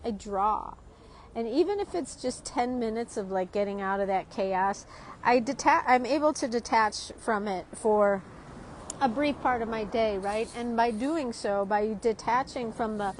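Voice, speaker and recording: A woman with a somewhat high voice talks in a casual, rambling way while she sits at an outdoor street café. She keeps asking "right?" and laughs easily. Faint street ambience sits behind her. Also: unhurried, slight background noise, poor audio. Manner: chatty, rambling, often adds "right?", laughs a lot. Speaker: art teacher vlogging.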